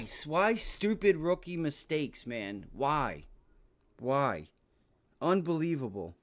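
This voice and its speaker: A man's voice: expressive, unhurried. Frustrated swearing man trading live. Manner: frustrated, swearing heavily, shouting outbursts; muttering to himself, low and deflated. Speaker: day trading livestreamer. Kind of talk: live trading stream commentary.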